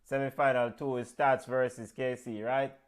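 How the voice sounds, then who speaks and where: A man's voice: mid-range voice, level tone, moderate pace. A man with a Jamaican accent hosting a casual sports chat, upbeat as he moves the talk along and asks questions. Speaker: host.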